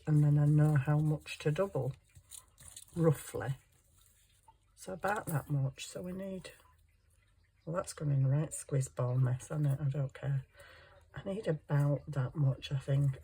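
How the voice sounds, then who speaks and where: Her voice low, dark-toned and husky, a woman talks easily to her audience and to herself as she makes something from wire for her craft vlog.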